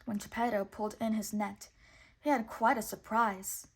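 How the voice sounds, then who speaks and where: A woman reading a children's storybook aloud in clear, measured narration. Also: a little high, level tone. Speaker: storybook reader.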